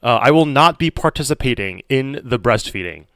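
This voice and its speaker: A man streaming and chatting on a call, teasing and exasperated in a deadpan way. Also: medium pitch, brisk, dry recording, clean studio sound. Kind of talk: casual chat on a call while streaming.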